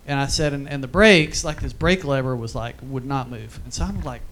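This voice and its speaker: A man's voice: mid-range voice, fairly quick, a bit bright. A man giving an informal church teaching, telling stories in a chatty way with many asides. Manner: storytelling, conversational with fillers and asides. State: briefly emotional, choked up.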